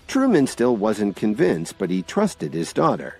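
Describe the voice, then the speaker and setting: A man narrating an audio drama series in an expressive storytelling manner. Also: lowish voice, unhurried, vocal fry, slightly rough, faint music behind.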